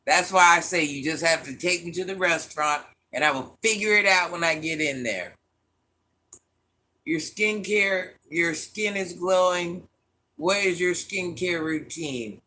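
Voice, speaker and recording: A man's voice: sits high, unhurried, sharp tone. A man with a mixed country accent chatting playfully on a live stream, answering viewers' comments. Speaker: livestream host reading chat. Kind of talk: casual live-stream chat.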